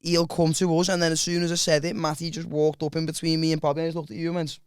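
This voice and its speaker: A man with a slightly high voice rushes through a rambling story. He trips over his words and restarts, in loose chat among friends. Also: little pitch movement, smooth, no echo, clean studio sound. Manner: halting, restarts sentences often. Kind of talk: casual group banter.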